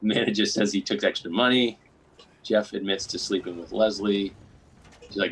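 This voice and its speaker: A man hosting a podcast, recapping a film in casual chat, rambling and acting out quotes in quick bursts. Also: fairly low pitch, steady tone, a bit bright, slight background noise, rough recording. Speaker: podcast host.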